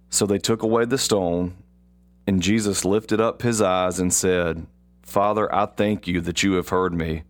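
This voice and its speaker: A man hosting a devotional podcast, reading Bible passages and commenting, slow and deliberate, repeating key phrases for emphasis. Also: sits low. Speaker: podcast host.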